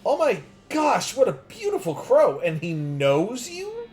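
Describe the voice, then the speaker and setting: A man's voice: high voice, huge pitch swings, measured pace, darkish tone, soft background music, pitched above the performer's own voice, heavily acted. A man voicing a polite, conflict-averse lady who loves birds, prim and gushing. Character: polite, bird-loving middle-aged lady.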